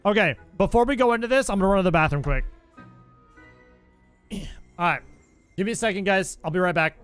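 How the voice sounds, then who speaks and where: A man's voice: high voice, a little fast, fairly bright tone, clean tone, soft background music. A young adult man streaming a game, chatting casually and joking back and forth with his live chat. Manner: playful, bantering with chat. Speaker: gaming streamer.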